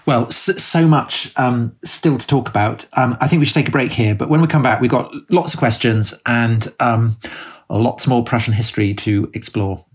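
A man co-hosting a podcast, moving things along with brisk links and questions. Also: medium pitch, husky. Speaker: podcast co-host.

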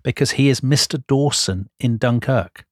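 A man co-hosting a casual history podcast, his voice in a middle register. He talks in a teasing, anecdotal way and throws in quick asides. The sound is dry and close. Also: medium pitch, no room sound. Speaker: podcast co-host.

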